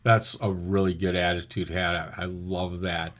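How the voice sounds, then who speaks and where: A man from Minnesota hosts a casual podcast interview in a fairly low voice. He affirms what his guest says and moves the talk along with follow-up questions. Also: flat delivery, moderate pace, fairly bright tone. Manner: encouraging, affirming listener. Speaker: podcast host.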